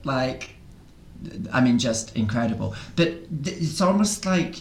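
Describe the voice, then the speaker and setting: A man's voice: mid-range voice, lively intonation, measured pace. A man hosting a podcast interview, chatting effusively and enthusiastically. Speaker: podcast host. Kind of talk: casual interview chat. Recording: roomy echo.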